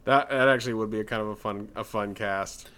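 A man's voice: fairly low pitch, steady tone, a little fast, fairly bright tone. A man from the American South with a Southern accent, co-hosting a podcast in casual chat, giggly and playfully indignant. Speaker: podcast co-host.

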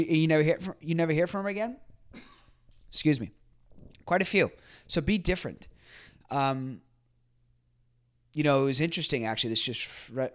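Male podcast host, slightly higher pitch, loose conversational delivery full of fillers and restarts. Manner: acts out quoted people in a livelier voice. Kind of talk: casual solo commentary.

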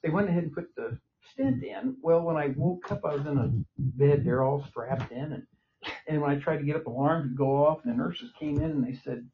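A man's voice: on the high side, fairly quick. Older man, winded patient, plain-spoken rambler; muffled lo-fi hospital-room recording. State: short of breath. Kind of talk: casual conversation. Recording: dull lo-fi recording with faint noise.

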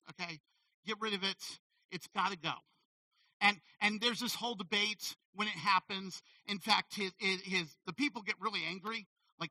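A man preaching a sermon as a pastor, animated and conversational, often checking in with "okay?". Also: high voice, normal speed, no echo, recorded from a distance, poor audio.

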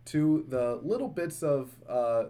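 A man's voice: fairly high pitch, expressive, takes it slowly, dark tone, clear, resonant tone. A man co-hosting a movie podcast, casual chat full of fillers, restarts and asides. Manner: rambling storyteller, many fillers and restarts. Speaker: podcast co-host; works with kids at a dental office.

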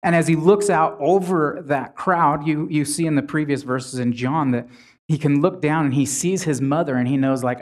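A man's voice: medium pitch, fairly even intonation, a little fast, a little mellow. A man preaching a sermon in a conversational way, retelling scripture with frequent restarts.

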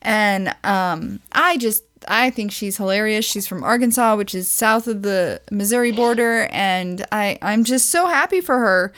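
A woman's voice: medium pitch, a little slow, few pauses, fairly bright tone. A woman co-hosting a podcast, chatting casually about celebrity news in a playful, self-deprecating way. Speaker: podcast co-host.

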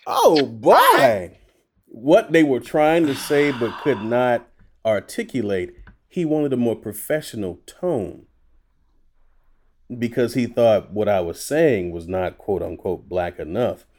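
A man who is a voice actor, telling stories as a guest in a casual podcast conversation, animated and quick to laugh. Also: mid-range voice.

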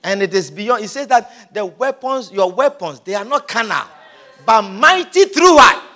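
A male preacher with a very high, bright voice delivers a sermon with emphatic, repeated lines. He often shouts and laughs, and his pitch swings widely. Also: animated, normal speed.

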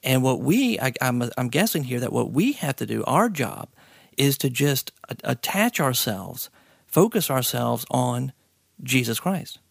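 Male podcast host, mid-pitched and gravelly, earnest and easily impressed. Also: very animated, a little slow, no echo, clean studio sound. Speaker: podcast host and high school teacher. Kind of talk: casual interview chat.

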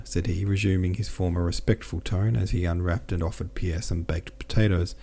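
A man reads a classic novel aloud as an audiobook narrator. His voice is low and mellow, and his delivery is steady and measured. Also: slight background noise. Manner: steady, measured reading with small self-corrections.

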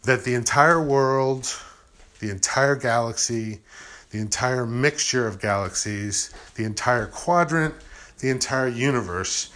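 A man's voice: medium pitch, fairly bright tone. A man in a casual, rambling spiritual monologue, acting out imagined objections and answering them with "you know" and "I'm like".

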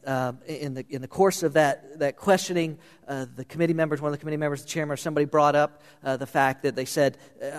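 A man's voice: a little high, long reverb tail. A man preaching a sermon, impassioned and at times pleading. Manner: impassioned, rising to pleading intensity. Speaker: pastor.

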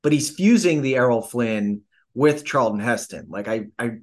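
A man's voice: mid-range voice, lively intonation, moderate pace. A man talking through his thoughts as a guest in a casual film discussion podcast. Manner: thoughtful, searching for words.

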